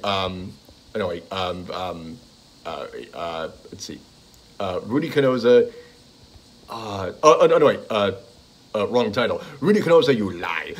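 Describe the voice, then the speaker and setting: A man casually talking through a list of comedy CD tracks, rambling with lots of ums and uhs and little chuckles. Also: on the low side. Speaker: fan reviewing comedy CDs. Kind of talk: casual monologue listing tracks.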